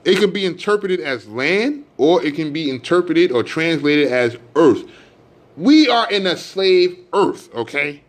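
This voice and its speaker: A man preaching a fiery street sermon, climbing to loud emphatic peaks and dropping low to explain, and reading scripture in a slower, measured cadence. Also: expressive.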